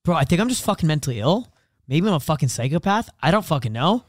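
A young man in casual podcast chat, talking fast and profanely about his own life, acting out what others said. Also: fairly high pitch, very animated, no echo, clean studio sound. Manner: fast, profane, confessional, acts out quotes. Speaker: podcast co-host.

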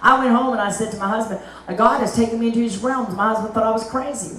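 A middle-aged woman evangelist gives a lively testimony sermon, full of folksy asides. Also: fairly high pitch, fast talker, a little hiss or hum. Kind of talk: testimony preaching. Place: church meeting hall. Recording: echoey hall, mic at a distance.

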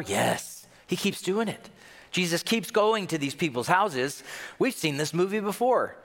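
A male pastor delivering a Sunday sermon with a lively, swooping pitch, acting out scenes as he tells them. His voice rings through a hall with a long reverb tail. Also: measured pace. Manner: animated storytelling, acts out scenes.

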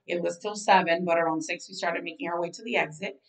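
A young woman from Florida co-hosts a casual chat, talking freely and repeating herself as she goes. Her voice sits a touch low. She sounds slightly off-mic. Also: fairly even intonation, fast, far from the mic, poor audio. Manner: chatty, laughs easily, repeats phrases. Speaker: podcast co-host.

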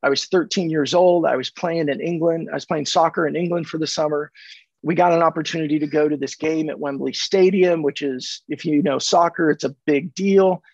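A man from California, a sales coach on a podcast, telling animated stories and acting out the dialogue. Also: fairly high pitch, a little fast, creaky, slightly rough, dry recording. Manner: animated, acts out dialogue in anecdotes. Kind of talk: conversational storytelling. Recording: dull dry lo-fi audio.

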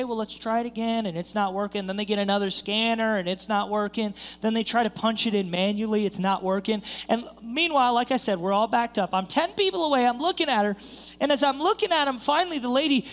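A man's voice: high-pitched, fairly bright tone, big-room sound. A man preaching a sermon as a pastor, telling a story and acting out the voices of the people in it. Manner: storytelling, acts out quoted voices, builds in intensity. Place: church sanctuary.

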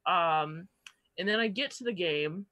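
A woman telling a story as a guest in casual podcast chat, animated and swearing casually. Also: on the low side, unhurried, no room sound.

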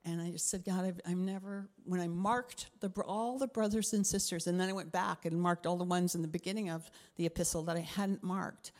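Middle-aged Canadian woman pastor, lower voice, expressive sermon delivery with dips into whispers, echoing hall. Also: a little fast, few pauses. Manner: expressive, drops to whispers for emphasis.

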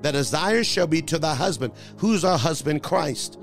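A man's voice: on the high side, animated, normal speed, soft background music. A man preaching a sermon as a pastor, emphatic, asking the congregation questions and answering them himself. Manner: emphatic call-and-response preaching.

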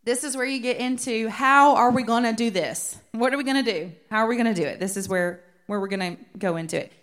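A woman's voice: a little high, fast, a bit bright. A woman teaching a women's Bible study in a conversational way, often checking in with her listeners.

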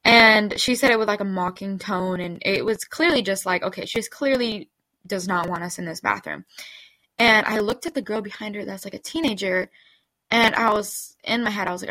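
A woman's voice: medium pitch, normal speed, a bit bright, no echo, rough recording. Chatty woman telling a story. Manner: chatty, full of "like" and "okay?". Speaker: podcast host. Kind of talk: casual storytelling.

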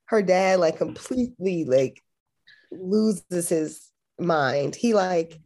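A woman's voice: fairly low pitch, lively intonation, slow, warm tone. A young woman co-hosting a podcast, chatting about a movie in a laid-back, slangy way with frequent laughs. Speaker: podcast co-host. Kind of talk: casual movie recap chat.

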